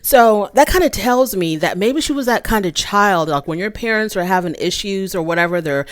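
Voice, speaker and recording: A woman's voice: medium pitch, animated, normal speed, no echo. A woman hosting a casual recap show, talking in a candid, opinionated and sassy way with frequent asides. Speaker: reality show recap host.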